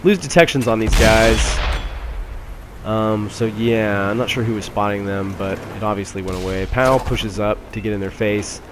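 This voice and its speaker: A man's voice: on the low side, moderate pace, noisy background. A man giving a casual, wry voice-over commentary on a tank battle game, with many fillers. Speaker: gameplay commentator. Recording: gunfire and engine sounds behind.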